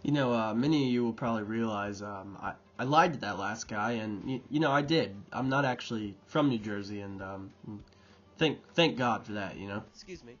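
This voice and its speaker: A man's voice: on the low side, fairly quick, dull audio. A young man and student host who runs a joking campus quiz, outdoors on a college campus, with dry self-mocking humor. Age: young adult.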